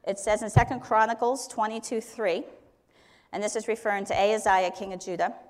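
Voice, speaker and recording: A woman's voice: medium pitch, fairly even intonation, brisk. A woman teaching on Scripture in a conversational way, explaining verses with everyday examples. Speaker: Bible teacher. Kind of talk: Bible teaching talk.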